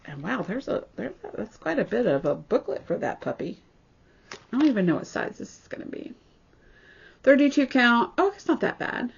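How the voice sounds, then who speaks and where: A woman's voice: mid-range voice, gravelly, husky. A woman showing her cross-stitch patterns in a casual vlog, gushing and chatty with snarky asides. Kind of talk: casual show-and-tell chat. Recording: slightly dull lo-fi sound.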